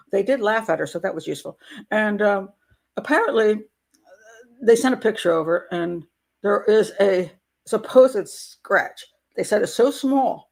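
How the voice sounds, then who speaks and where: A woman's voice: medium pitch, husky. Grandmother host telling an indignant story. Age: older. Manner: indignant storytelling, wry laughs. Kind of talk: casual livestream chat.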